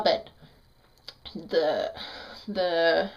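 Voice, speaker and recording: Speaking straight to the camera, a middle-aged woman vlogger tells a painful personal story in an emotional vlog. Her speech is halting and raw, full of restarts and sudden flashes of bitterness, at a plain middle pitch. The audio quality is poor.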